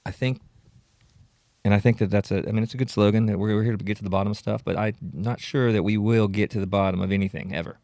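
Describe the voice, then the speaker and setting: A man hosts his own solo podcast in a rambling, self-mocking chat. His voice is fairly low and gravelly. It is recorded dry and close on podcast gear. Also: steady tone, quick pace, dark tone, no room sound. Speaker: podcast host. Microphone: podcast audio equipment.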